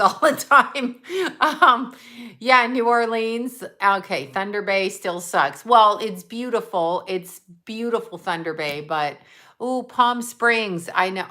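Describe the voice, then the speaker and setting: Just out of bed at home, a woman hosts a casual livestream, chatting bubbly and reading aloud where her viewers are tuning in from. Her voice sits at a medium pitch with a sharp tone.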